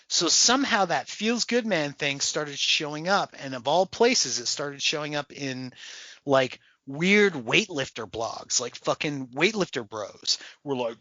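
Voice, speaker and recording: Man, podcast co-host, animated, swears a lot, bright tone, dull lo-fi sound. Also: a little high, normal speed, dry recording. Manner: animated, swearing, acts out people's voices. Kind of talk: casual chat.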